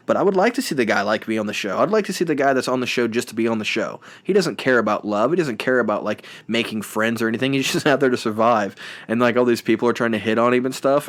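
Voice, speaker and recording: A man's voice: medium pitch, fairly bright tone. A young man hosting a solo podcast, rambling and self-deprecating with lots of restarts and fillers. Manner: playful mimicking of reality show voices. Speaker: podcast host.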